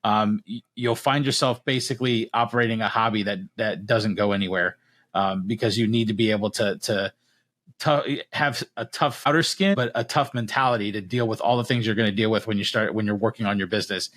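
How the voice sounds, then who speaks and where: A man's voice: lowish voice, a little fast. A man hosting a business podcast, talking in a friendly, easygoing way as he closes out an interview. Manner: friendly, relaxed wrap-up with fillers. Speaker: podcast host.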